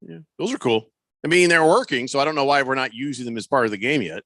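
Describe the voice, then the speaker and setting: A man's voice: mid-range voice, expressive, fast talker, a bit bright, no echo. A man hosting a sports radio show, giving joking, mock-authoritative advice in casual studio banter.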